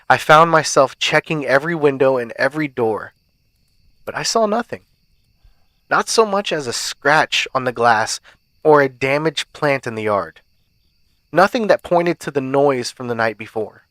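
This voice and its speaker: A man's voice: medium pitch, a bit bright, no echo. Man reading a horror story, dry sound. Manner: measured, suspenseful first-person telling. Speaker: podcast host and narrator.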